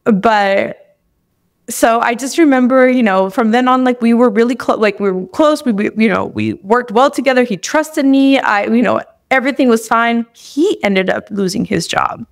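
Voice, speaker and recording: A woman's voice: fairly high pitch, normal speed. A young adult woman, a podcast guest, tells a personal story in casual conversation, chatty and full of restarts. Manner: chatty, with many restarts and acted-out inner thoughts.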